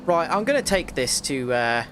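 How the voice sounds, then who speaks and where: A man's voice: a little high, big pitch swings, moderate pace, a bit bright, slight background noise. A man streaming a game, chatting casually and rambling with lots of filler words. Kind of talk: casual live gameplay chat.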